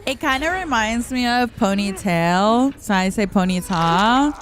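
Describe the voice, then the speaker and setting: Slow-talking woman streamer chatting with viewers. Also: a little high, lively intonation, slight background noise. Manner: chatty, laughs often, reads chat aloud. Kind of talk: casual live-stream chat while gaming.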